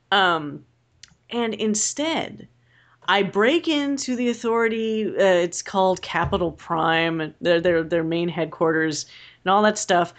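A young woman chatting casually as a podcast co-host, rambling and animated and swearing freely. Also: lowish voice, a little slow. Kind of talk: casual chat.

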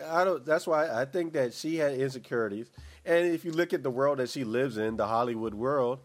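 A man in casual chat, talking in a rambling, opinionated way with many restarts. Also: mid-range voice.

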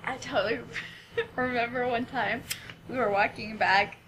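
High, bright-voiced young woman chatting. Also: steady tone, unhurried, slight background noise, low-quality recording. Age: 20s. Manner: laughs often, chimes in to finish her friend's stories. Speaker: guest, old friend. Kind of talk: casual chat.

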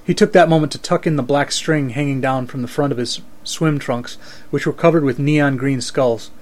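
A man reading first-person fiction aloud in a steady, dry storytelling manner. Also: medium pitch, normal speed.

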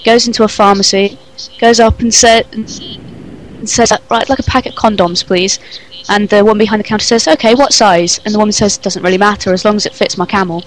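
A woman's voice: mid-range voice, fairly even intonation, fairly quick, a little hiss or hum, rough recording. A woman co-hosting a podcast, chatting casually, teasing and giggling as she tells jokes. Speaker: podcast co-host. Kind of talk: casual chat telling jokes.

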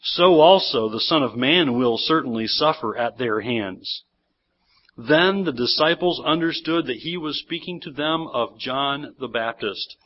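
A man pastor preaching a sermon in a church, animated and acting out the voices he quotes. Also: medium pitch, unhurried. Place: church sanctuary. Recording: dull lo-fi sermon recording.

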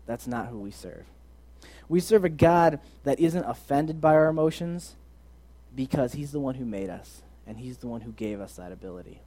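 Young male preacher, conversational and earnest, warm dark tone, mid pitch. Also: expressive, normal speed. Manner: earnest, conversational, swings from loud to soft. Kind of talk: casual sermon.

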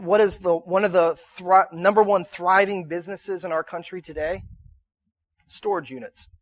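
A male pastor in his thirties preaching a conversational sermon to a room, repeating himself and rising to shouts in his stories. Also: sits high, no room sound. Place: church auditorium.

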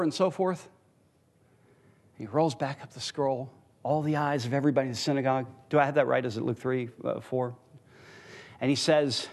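A man's voice: mid-range voice, moderate pace, pauses often. A man teaching a Bible class in a church, teasing and quizzing the people in the room with a chuckle.

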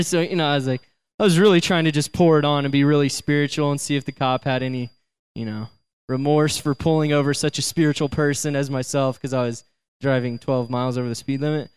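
Addressing young listeners, this young man recounts an amusing personal anecdote with lively, conversational energy, laughing frequently and filling gaps with "like" and "you know." He speaks fast in a mid-range voice with a clean tone.

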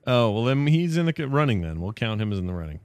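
A man hosting a podcast, chatting casually in a joking, rambling way with quick asides. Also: medium pitch, sing-song, no room sound. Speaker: podcast host. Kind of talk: casual chat.

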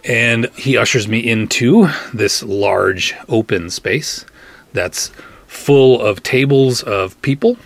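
A middle-aged man hosting a podcast, telling a funny personal story and acting out the other people's lines in a husky voice. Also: mid-range voice, slow, no echo. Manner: animated, acts out quoted voices. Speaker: podcast host. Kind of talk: comic anecdote, casual storytelling.

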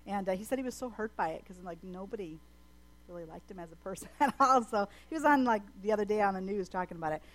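A woman talking casually to a group at a middle pitch. She rambles along with many fillers and asides. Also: expressive, quick pace. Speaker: presenter to a group. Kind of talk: casual chat to an audience.

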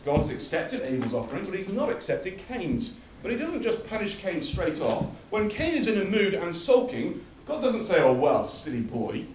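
A man's voice: sits high, sing-song, moderate pace, few pauses, slight background noise. A man preaching a sermon, emphatic and building through repeated phrases, recorded from a distance in a church hall. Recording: echoey hall from far off.

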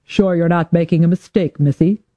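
A hulking female thug, smug and menacing, as a woman narrator puts her on in an audiobook, her voice set back and a touch distant. She talks slow and cool, with a smirk in every word. The sound is dull and dry. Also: on the low side, steady tone, dry recording, natural voice.

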